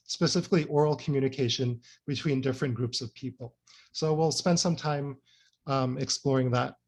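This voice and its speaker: A man delivering an academic talk in a somewhat high voice. He keeps it conversational, leaning on "you know" and checking in with listeners through frequent tag questions. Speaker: invited speaker. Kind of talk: academic lecture.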